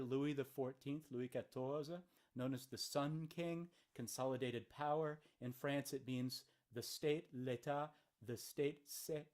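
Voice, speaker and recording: A man's voice: medium pitch, a little mellow. A man teaching an informal video lecture, recorded in a hotel room. He talks like a college professor who enjoys his subject, keeping the lesson chatty and dropping playful jokes along the way. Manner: playful, chatty, with joking asides.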